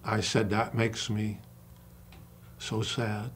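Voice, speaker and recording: A man's voice: fairly low pitch, flat delivery, slight background noise. Passionate older male acting coach. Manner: passionate, emphatic storyteller who acts out quoted dialogue; slow, deliberate stresses on single words. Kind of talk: interview conversation.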